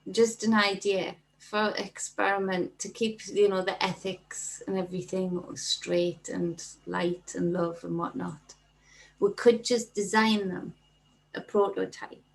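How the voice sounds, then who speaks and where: A woman hosting a casual livestream, chatting warmly and reading viewer comments aloud. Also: lowish voice, gravelly, low-quality recording. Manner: chatty, reads viewer comments aloud and thanks them by name. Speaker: livestream host.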